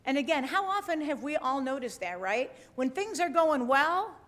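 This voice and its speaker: This woman's voice is high-pitched, expressive, and a bit bright, moving at normal speed. She is a pastor giving a conversational livestreamed sermon, frequently checking in with her online listeners through tag questions.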